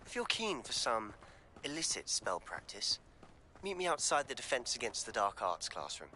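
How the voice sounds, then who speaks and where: An actor playing a sly teenage student with a conspiratorial manner, in video game dialogue. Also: male voice, medium pitch, very animated, moderate pace, sharp tone, slight background noise. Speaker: fellow student.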